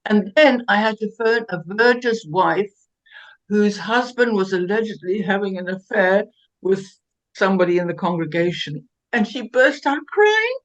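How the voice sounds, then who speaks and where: An older woman from South Africa, a guest telling lively, self-mocking stories with laughs and many restarts. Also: medium pitch, moderate pace, muffled recording. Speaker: interview guest. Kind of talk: anecdotal storytelling interview.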